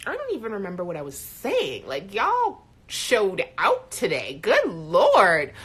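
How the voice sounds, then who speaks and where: A woman host chatting on a live show, frank and quick to swear. Her pitch swings widely and lively from phrase to phrase, at a middle height for a woman. She talks with loose, animated energy. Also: breathy edge. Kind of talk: casual live chat show talk.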